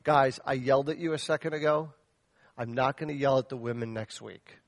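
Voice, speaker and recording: A man preaching a sermon as pastor, passionate and direct, shifting between loud exhortation and soft, earnest asides as he questions the men in the congregation. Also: medium pitch, fairly quick, no echo.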